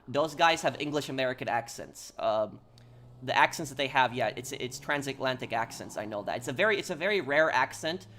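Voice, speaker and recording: A gaming streamer plays live, chatting casually with viewers and answering their messages while often stopping and repeating words. His mid-range voice is expressive, a little fast, and sharp-toned, with a slight hiss or hum.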